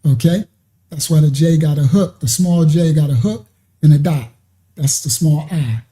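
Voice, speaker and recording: This live-streamed religious talk comes from a man whose voice is a little high and mellow, moving at a normal speed. He wanders from point to point and often asks whether listeners understand.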